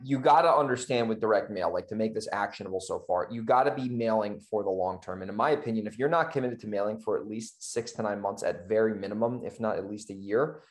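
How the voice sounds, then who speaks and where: A man's voice: fairly low pitch, fast talker, few pauses. A man, co-hosting a casual podcast conversation in a direct, conversational way. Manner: direct, conversational, says "dude". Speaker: podcast co-host.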